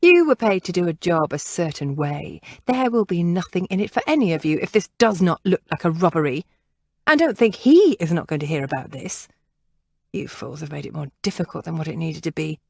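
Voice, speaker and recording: Shrill haughty dressmaker villainess, voiced by a woman, scolding and disdainful, audiobook role. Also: animated, fairly quick, gravelly, no room sound.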